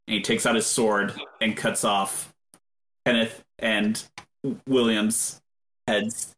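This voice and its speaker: A man narrating a tabletop game as game master in a relaxed storytelling way with fillers. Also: on the low side, slow, pauses often, reverberant, slight background noise.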